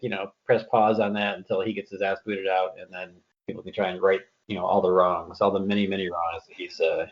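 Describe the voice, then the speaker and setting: A man's voice: deep voice, lo-fi sound. A man guesting on a casual podcast, talking with a dry, wry humor and easy laughter.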